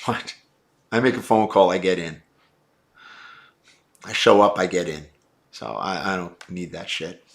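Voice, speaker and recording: Blunt, brash man with a bright voice. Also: deep voice, a little slow, creaky, pauses often. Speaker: livestream host answering viewer chat. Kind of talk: casual live-stream chat.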